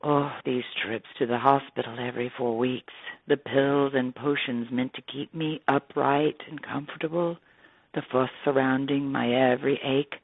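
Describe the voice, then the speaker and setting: A woman's voice: rumbling low, steady tone, moderate pace, no echo. A woman voicing a frank, tired old woman of 78 with a Yorkshire accent, heard through a tinny, dry, phone-like line. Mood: weary. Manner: tired, blunt, grumbling. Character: frank 78-year-old woman, weary cancer patient.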